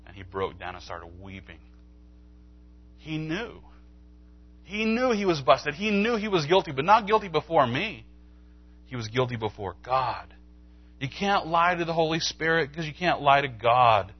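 A man's voice: moderate pace, pauses often, husky, highs cut off. A man preaching a sermon in church, telling a story and acting out its dialogue. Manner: animated storytelling, acts out dialogue with pitch jumps. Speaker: pastor. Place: church sanctuary.

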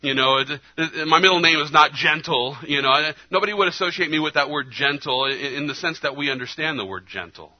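A man preaching a sermon earnestly, his delivery moving between hushed, slow passages and emphatic ones. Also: a little high. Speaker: pastor. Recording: slightly dull lo-fi sound.

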